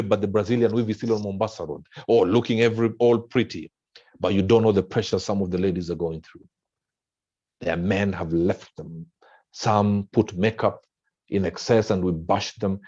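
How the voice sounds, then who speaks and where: A man with a Kenyan accent giving an impassioned motivational speech, with wide swings in pitch and pace. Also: dark tone. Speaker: motivational speaker. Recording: dull lo-fi sound.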